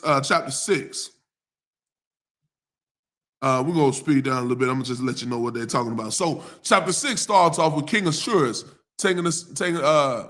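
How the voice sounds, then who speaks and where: A man reading scripture aloud slowly, then retelling it in casual everyday talk as a teacher. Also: a little high, fairly bright tone. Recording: live stream talk.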